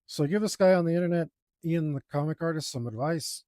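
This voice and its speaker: A man chatting casually as he works on his art, rambling and joking at his own expense, with loud groans at the dull parts. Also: on the high side, fast, dry recording, studio quality. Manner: rambling, self-deprecating, groans and sighs aloud. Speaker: artist streaming his drawing process. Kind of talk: casual talk while working.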